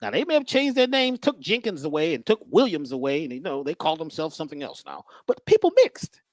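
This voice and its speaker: Woman lecturing casually, lots of stories, lively up-and-down voice, dry close sound. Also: sits low, a little fast, no room sound. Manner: conversational, animated, acts out voices.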